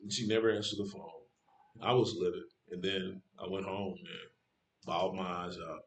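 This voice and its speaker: A man's voice: steady tone, moderate pace. A man telling a personal story in a rambling, profane way, stumbling over his words and rising sharply when angry. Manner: rambling, restarts, voice climbs high when angry. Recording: roomy echo.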